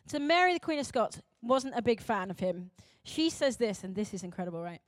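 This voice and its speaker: A young adult woman pastor, preaching emphatically, swinging between loud urgent calls and quiet intense moments. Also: on the high side, sing-song, a little fast, hardly any pauses, dry recording, clean studio sound. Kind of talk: sermon.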